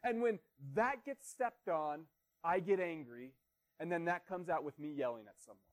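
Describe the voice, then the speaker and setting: High-voiced pastor preaching earnestly. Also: male voice, lively intonation, moderate pace. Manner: earnest, conversational preaching with rhetorical questions. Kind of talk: sermon.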